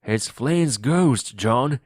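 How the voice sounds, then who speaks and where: A man's voice: mid-range voice, expressive, drawn-out words, no room sound, studio quality, pitched above the performer's own voice. A man doing a jittery superstitious pirate. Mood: fearful. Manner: fearful, anxious. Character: superstitious frightened male pirate, jumpy. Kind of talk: audiobook reading for learners.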